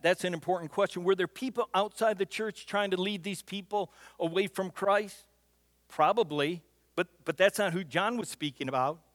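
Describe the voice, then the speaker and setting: A man preaching a sermon, telling stories with a folksy storyteller's manner and often repeating the first word of a phrase. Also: high voice. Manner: storytelling, builds loud for punchlines; repeats words when starting phrases. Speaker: pastor. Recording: long hall reverb.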